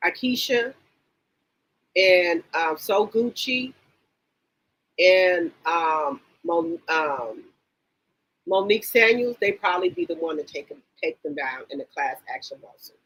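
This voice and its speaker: A woman chats on a casual livestream, reading viewer comments and reacting to each one. Her voice is bright and a little husky. She exclaims often and repeats her reactions over and over. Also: fairly low pitch, rough recording. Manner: animated, exclaims and repeats herself, reads chat comments aloud. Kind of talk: casual reality-TV gossip chat.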